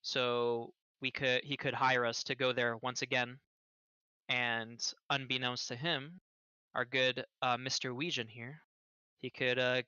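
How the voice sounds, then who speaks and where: A man's voice: mid-range voice, sharp tone, clear, resonant tone, no echo. A man voicing a blunt, practical male adventurer, matter-of-fact, on a dull, dry mic.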